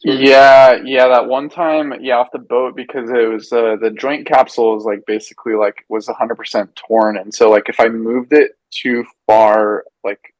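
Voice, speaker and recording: A man's voice: medium pitch, steady tone, normal speed, hardly any pauses, dry recording, poor audio. A young man in casual chat, telling stories in a laid-back, rambling way with many fillers.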